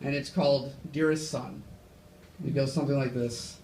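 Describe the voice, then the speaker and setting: A man's voice: medium pitch, steady tone, moderate pace, heavy background noise. A young man performing a rambling, self-deprecating stand-up set on a club stage. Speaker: stand-up comedian. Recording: echoey club from far off. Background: audience laughter.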